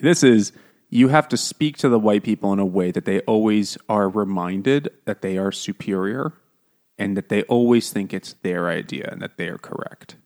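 Animated man in casual book chat. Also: on the low side, normal speed. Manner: animated, emphatic, slips into mock voices for quotes. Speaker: podcast co-host discussing a book.

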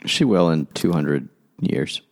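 A man's voice: rumbling low, expressive, slow. A man co-hosting a casual book podcast over beers, laid-back and joking, rambling with restarts. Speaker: podcast host.

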